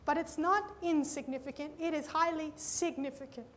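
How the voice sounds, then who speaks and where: A woman with a high voice preaches a sermon at a moderate pace, telling a story and speaking to her listeners as friends. A lively storyteller, she acts out both sides of conversations and calls out "friends" and "Amen?"; there's a little hiss or hum.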